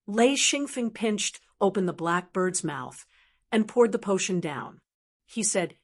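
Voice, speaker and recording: A woman narrating a fantasy audiobook in an even, measured storytelling voice. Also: medium pitch.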